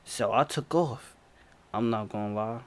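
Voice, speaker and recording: A man's voice: on the low side, a little slow. A man animatedly retelling a personal chase story in a slangy, repetitive, breathless way. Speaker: storyteller vlogger.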